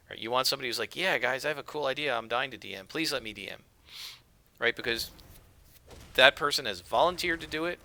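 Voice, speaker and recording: A man's voice: mid-range voice, sharp tone. A man casually chatting while playing a game, rambling with lots of fillers. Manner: rambling, conversational, with frequent fillers. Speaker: let's play gamer.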